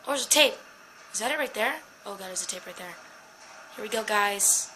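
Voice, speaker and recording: A woman's voice: mid-range voice, animated, fairly quick, noisy background. A young woman playing a horror game at home, frightened and jittery, swearing and talking to her viewers and her dog. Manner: swears and screams. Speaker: gaming channel host. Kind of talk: horror game let's play commentary.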